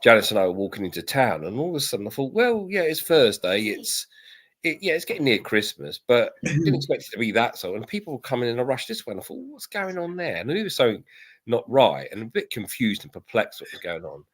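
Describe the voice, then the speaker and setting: A man's voice: fairly low pitch, sing-song, quick pace, slightly rough. A man hosting a casual chat, rambling and laughing easily. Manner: chatty, rambling, laughs often.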